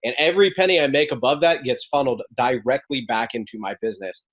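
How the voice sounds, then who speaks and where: A man's voice: mid-range voice, quick pace, highs cut off. Candid young man telling his story. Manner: candid, storytelling, frequent restarts. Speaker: podcast guest, mobile home park investor. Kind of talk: casual interview chat.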